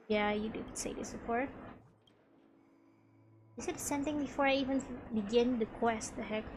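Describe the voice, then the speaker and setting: Chatty woman streaming a game. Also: a little high. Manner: chatty, reacting aloud to the game. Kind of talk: casual game playthrough, reading dialogue aloud. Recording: game music playing behind.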